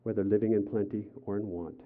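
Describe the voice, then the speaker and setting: Older male pastor, lively storytelling sermon. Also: fairly low pitch, fast. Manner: animated storytelling, acts out quotes with raised voice. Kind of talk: sermon with personal stories. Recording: tinny phone-like sound.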